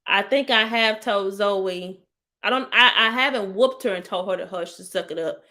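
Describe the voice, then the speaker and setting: A woman's voice: mid-range voice, normal speed, pushed and bright. A woman, hosting a casual live talk and speaking straight to her viewers as y'all. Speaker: host of a live healing talk. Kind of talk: live-stream chat.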